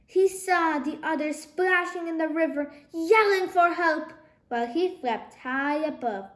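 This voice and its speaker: A woman reading a children's novel aloud, narrating in an expressive, lively way, recorded in an echoey room. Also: very high voice, measured pace. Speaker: storybook narrator.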